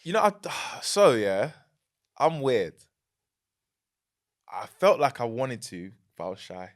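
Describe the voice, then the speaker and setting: A young man with a London accent, chatting as a podcast guest, animated and quick to laugh. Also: medium pitch. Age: young adult. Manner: animated, laughs easily, repeats words. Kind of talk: casual chat.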